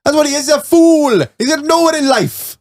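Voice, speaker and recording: A man putting on the voice of a teacher who rants and scolds in a shrill, mocking tone. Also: normal speed. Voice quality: high, loud, mocking.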